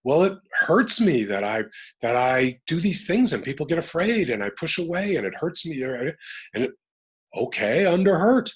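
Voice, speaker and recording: A man's voice: fairly high pitch, moderate pace, husky. A middle-aged man from the United States, talking emphatically as an interview guest about working through his emotions. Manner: animated, emphatic, works through emotions aloud. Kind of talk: reflective personal talk.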